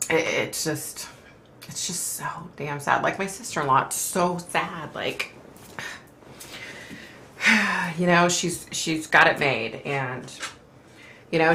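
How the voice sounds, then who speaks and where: A middle-aged woman with a low, bright voice and forceful tone hosts a casual live stream, reading viewer comments. She talks emotionally and ramblingly, full of sighs and fillers, with slight background noise.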